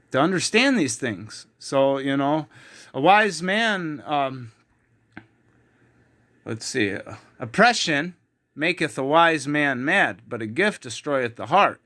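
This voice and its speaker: A man's voice: a little high, pushed and bright. A man teaching from the Bible in an online video, heated and emphatic, with frequent fillers. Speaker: preacher.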